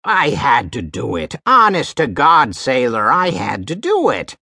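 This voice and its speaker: A man voicing a frightened, cringing man who begs and gasps in a low, strained voice. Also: huge pitch swings, measured pace, gravelly, bright, forceful tone, no room sound, clean studio sound, heavily acted. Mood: pleading. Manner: gasping and begging.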